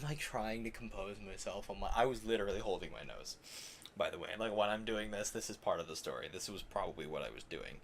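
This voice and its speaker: A man's voice: on the low side, a little fast, slight background noise. A young man streaming, rambling through an embarrassing story with self-mocking asides and frequent laughter. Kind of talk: casual storytelling on a game stream.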